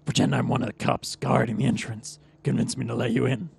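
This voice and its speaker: A man voicing a gruff, streetwise male vampire fixer with a gravelly, sarcastic voice. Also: medium pitch, little pitch movement, brisk, darkish tone, heavily acted. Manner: sarcastic, world-weary. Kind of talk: voicing a character in a game playthrough.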